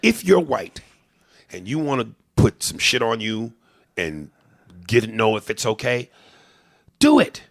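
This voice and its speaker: A male comedian hosts a podcast in a casual, profane way, with a gravelly edge under his voice. His pitch swings widely as he breaks into bits and impressions, and the sound is dry and close to the mic. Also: unhurried, long pauses, no echo. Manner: profane, animated, jumps into impressions.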